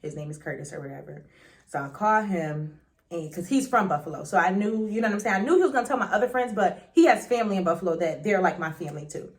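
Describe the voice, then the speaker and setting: A young woman telling a dramatic story in a chatty storytime vlog, full of slang and quick swings between loud and hushed. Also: lowish voice, animated. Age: young adult. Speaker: vlogger.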